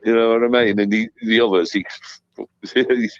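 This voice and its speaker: A man calling into a football phone-in, excitable and swearing. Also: on the low side, normal speed, no room sound, muffled recording. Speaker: caller. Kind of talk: phone-in chat.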